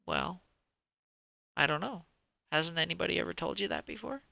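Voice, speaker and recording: Brief: brave but teased young boy dinosaur for a bedtime story, done by a man, bright, raspy edge. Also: fairly high pitch, wildly swooping pitch, moderate pace, no echo, voice pushed up, heavily acted. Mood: curious. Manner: earnest, pleading. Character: shy, brave young male blue dinosaur.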